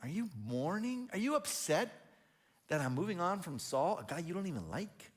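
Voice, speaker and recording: A pastor putting on the voice of God, patient yet exasperated, firing teasing questions at a frightened prophet. The voice swings widely in pitch, sometimes dropping low and soft and sometimes rising high. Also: male voice, very animated, normal speed, husky, exaggerated voice. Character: God speaking, patient, impatient with a fearful prophet.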